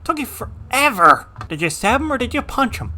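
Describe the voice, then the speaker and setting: Reserved man with a lively voice. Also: very high-pitched, moderate pace, faint music behind. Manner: dry, self-described reserved, bursts into excited yelling at battles; talks to his game units by name. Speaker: gameplay commentator. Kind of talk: casual gameplay commentary.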